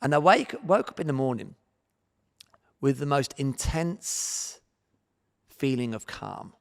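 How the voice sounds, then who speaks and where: A man in his forties with an English accent speaks at a medium pitch, recounting his story with animated bursts of feeling. His voice carries a long hall reverb around it. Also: takes it slowly, gravelly. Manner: animated storyteller, acts out his own past thoughts. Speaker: guest, martial arts champion. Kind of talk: storytelling podcast interview.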